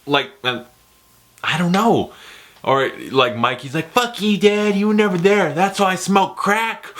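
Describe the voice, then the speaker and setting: A man giving a casual, jokey movie ranking, excitable and profane. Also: mid-range voice. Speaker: movie reviewer.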